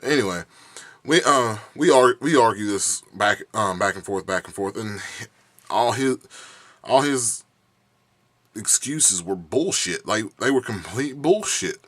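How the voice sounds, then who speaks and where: A young man rants at the camera in a low, dry voice, rambling and restarting as he gets heated. He swears freely and has a bad cough. The sound is close and dead, with no room around it. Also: expressive, a little slow, a bit bright, dry recording. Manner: heated, rambling, profane, many restarts and fillers. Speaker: YouTube vlogger. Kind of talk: casual rant.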